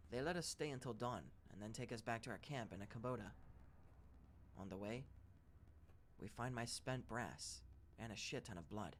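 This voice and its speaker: A man narrating first-person scary stories in a steady, even read-aloud delivery. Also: mid-range voice, normal speed, slight background noise. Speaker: story narrator.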